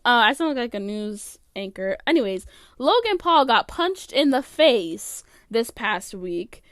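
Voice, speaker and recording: Female solo podcast host, high, smooth voice, chatty and opinionated, dry close mic. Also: big pitch swings, a little slow, fairly bright tone, no echo. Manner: chatty, opinionated, many "like" fillers. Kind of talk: casual solo commentary.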